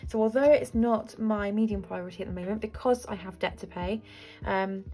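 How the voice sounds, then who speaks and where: Chatty woman with a gravelly edge. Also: mid-range voice, normal speed, dark tone, soft background music. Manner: rambling, chatty, self-deprecating. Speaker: budgeting vlogger. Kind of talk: casual chat to camera.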